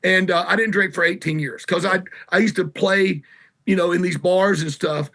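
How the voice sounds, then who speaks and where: A Southern-accented man with a high, bright, forceful voice spins loose, salty stories as a guest in a casual interview. His talk wanders from one tale to the next. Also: fairly even intonation, normal speed, creaky. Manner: rambling, salty anecdotes. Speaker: guest musician. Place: garage.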